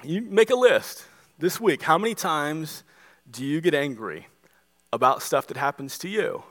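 A male pastor preaching a sermon, animated, acting out the voices he quotes. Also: a little high, a little slow. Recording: long hall reverb.

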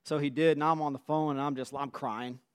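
A man's voice: a little high, fairly even intonation, a little fast, clear, resonant tone. A man in his forties, telling a personal story in an earnest, emotional way.

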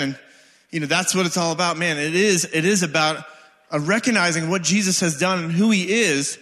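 A man's voice: high-pitched, fairly quick, sharp tone. A man, preaching a casual, conversational sermon in a church hall. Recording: hall with long reverb.

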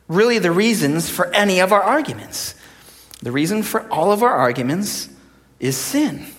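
A young adult male pastor preaching a sermon, joking and acting out quotes as he tells stories. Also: high voice. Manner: animated storyteller, jokey, acts out quotes. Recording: long hall reverb.

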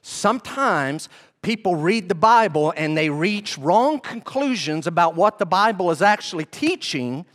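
A male pastor preaching a sermon, animated and often asking the congregation questions. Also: sits high, a little slow.

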